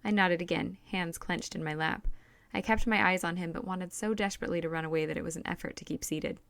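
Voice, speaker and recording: A woman reading a novel aloud in first person, in a steady, even storytelling manner. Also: on the low side, fast talker, gravelly, dry recording. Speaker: audiobook reader.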